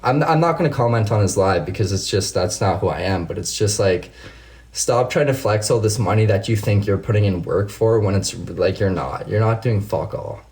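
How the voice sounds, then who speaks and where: A man's voice: lowish voice, moderate pace, darkish tone. A man hosting a casual livestream, answering viewers' comments by name and launching into heated, profane rants. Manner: talks straight to viewers by name. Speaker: livestream host.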